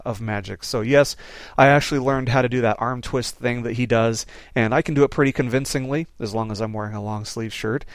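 Male Bible teacher, mid-pitch, conversational and loose, full of "you know," dry close sound. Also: dry recording. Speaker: Bible teacher answering listener questions. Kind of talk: informal Q&A lesson.

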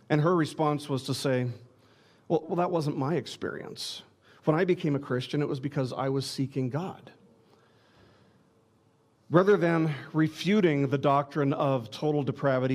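A man's voice: fairly high pitch, a little mellow. A man preaching a sermon, earnest and direct, often restarting words with small stammers as he presses his points. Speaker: pastor.

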